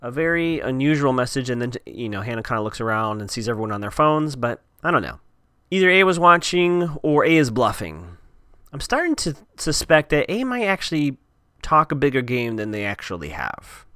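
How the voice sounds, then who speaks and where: A man's voice: mid-range voice, sing-song, a little fast, a bit bright, no echo, studio quality. A man giving a chatty, wry recap of a TV episode with sarcastic asides.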